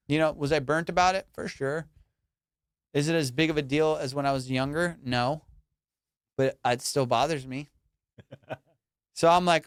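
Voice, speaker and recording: A young man hosting a comedy podcast, telling a story in an animated, slangy way, acting out voices and laughing often. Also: fairly high pitch, fairly quick, clear, resonant tone, no echo, clean studio sound.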